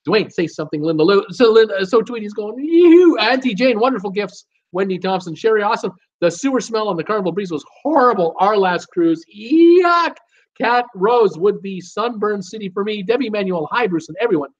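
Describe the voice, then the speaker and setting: A man's voice: high-pitched, brisk, few pauses, highs cut off. A man hosts a live cruise Q and A stream, chatting casually and reading out viewer names and comments with many "uh" fillers.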